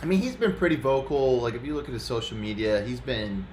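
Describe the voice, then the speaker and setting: A man's voice: medium pitch, expressive, fast talker, a little mellow, echoey room. Guy hosting a sports talk show, jokey, laughs a lot, trails off, bit of hiss. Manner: joking, laughs easily, trails off. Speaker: podcast host. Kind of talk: casual chat.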